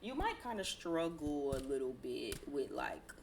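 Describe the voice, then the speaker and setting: A low-pitched woman reads tarot in a loose, casual way to her viewers. She lectures bluntly, with slangy phrasing and the odd curse. A faint hiss sits under her voice. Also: very animated, a little slow, vocal fry. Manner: blunt, preachy, colloquial, swears. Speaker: tarot reader. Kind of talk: casual tarot reading to camera.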